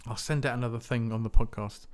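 A man's voice: mid-range voice, fairly even intonation, quick pace. A man hosting a music podcast, talking in a rambling, chatty, self-mocking way with lots of restarts. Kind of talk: casual solo podcast chat.

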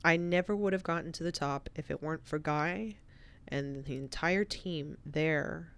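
A woman telling an emotional personal story as a podcast guest, swinging from animated bursts to hushed, reflective passages. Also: low-pitched, measured pace.

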